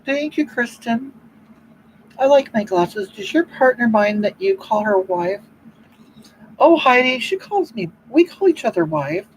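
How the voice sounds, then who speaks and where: In a rough recording with a faint hiss or hum, a performer plays a self-righteous older woman hosting a livestream, her voice sing-song and a little slow. She gushes and rambles, preaching about love while reading the chat, repeating "you know what?" and swooping up and down in pitch. It's a comedic improvised livestream monologue.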